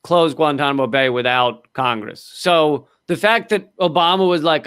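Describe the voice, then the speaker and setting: A man's voice: a little high, moderate pace, hardly any pauses, a bit bright, clear, resonant tone, dry recording, studio quality. A man hosting a casual political comedy chat, wry and loose, with lots of fillers. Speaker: host.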